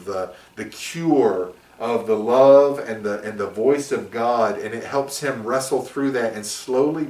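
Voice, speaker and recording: A man's voice: mid-range voice, a little mellow. Man, pastor, earnest preacherly chat, roomy echo, set back from the mic. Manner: earnest, preacherly, sings snippets of a song. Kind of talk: sermon-style chat with a class member. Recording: roomy sound from a distance.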